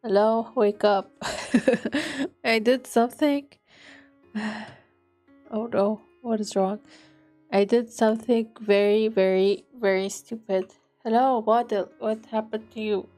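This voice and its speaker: Slow-talking, higher-pitched woman streamer with a stuffy nose. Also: steady tone, mellow, soft background music. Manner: giggly, rambling, self-deprecating. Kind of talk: casual live-stream chat.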